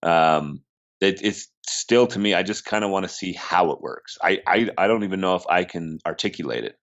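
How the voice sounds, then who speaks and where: A man co-hosting a sports podcast, speaking casually and haltingly with frequent pauses. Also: low-pitched, fairly bright tone, dull audio. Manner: hesitant, lots of ums and restarts. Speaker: podcast co-host.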